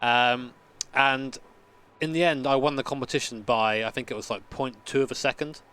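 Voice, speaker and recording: A man's voice: mid-range voice, steady tone, normal speed, sharp tone, smooth. A man in his late twenties, a sim racing streamer chatting casually with swearing and rambling stories. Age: late 20s. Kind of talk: casual live-stream chat.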